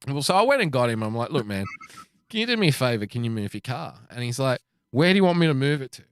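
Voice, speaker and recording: A man's voice: medium pitch, fast, smooth, no room sound. An Australian man co-hosting a podcast, telling a profane story in casual chat and acting out the quotes. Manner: profane, animated anecdote-telling with acted quotes. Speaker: podcast co-host. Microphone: podcast microphone.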